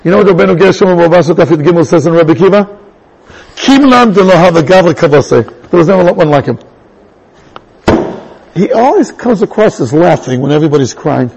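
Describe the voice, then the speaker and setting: A man teaching a Torah class in an animated way, restarting sentences and mixing in Hebrew terms. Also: a little high, a little fast, vocal fry, husky, rough recording. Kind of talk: lively Torah lecture.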